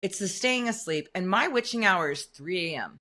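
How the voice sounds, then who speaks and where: Bright-voiced woman from illinois, podcast cohost, super animated and swingy, sarcastic jokes. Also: fairly low pitch, moderate pace. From Illinois, USA. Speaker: podcast co-host. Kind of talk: casual chat.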